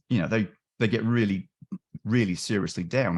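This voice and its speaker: A man on a webinar video call, explaining his years of crisis line volunteering, with frequent restarts and quick acted-out quotes of callers and helpers. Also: on the low side, darkish tone, breathy edge. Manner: frequent restarts and self-corrections. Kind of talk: webinar discussion.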